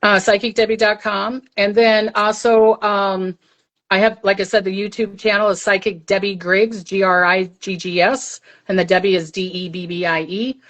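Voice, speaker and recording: An older woman tells a story in an easy, chatty way, her voice at an ordinary middle pitch. She jumps into the other people's voices as she goes, bringing the scene to life like a seasoned storyteller. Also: moderate pace, low-quality recording. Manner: animated storyteller, acts out voices she heard. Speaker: psychic medium guest. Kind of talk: casual storytelling on a livestream.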